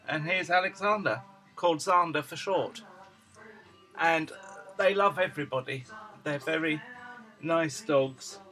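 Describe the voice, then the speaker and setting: A man at home showing off his dogs, switching into high cooing baby talk whenever he speaks to them. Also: bright, forceful tone, poor audio. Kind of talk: casual home video chat.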